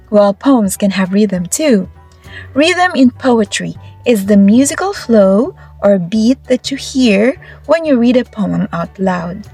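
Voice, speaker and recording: A woman's voice: on the high side, a little mellow, breathy edge. A woman teacher from the Philippines giving an upbeat, encouraging recorded video lesson. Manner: upbeat, encouraging classroom explanation. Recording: faint background music.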